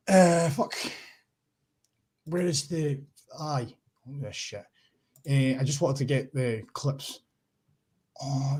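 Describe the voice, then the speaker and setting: A man's voice: mid-range voice, a little mellow. A Scottish man hosting a casual livestream, rambling and swearing, laughing often as he clicks through tabs. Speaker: livestream host.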